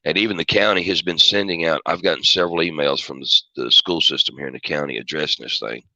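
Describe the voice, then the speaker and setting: Very deep-voiced man, rambling. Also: fast talker, sharp tone, dry recording, muffled recording. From Georgia, US. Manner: rambling, restarts sentences. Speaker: livestream host. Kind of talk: casual chat.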